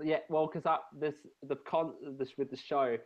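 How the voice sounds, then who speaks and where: A man's voice: a little high, fairly even intonation, moderate pace, dull audio. A man with an Australian accent hosting a casual podcast chat, rambling with many restarts. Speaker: podcast host.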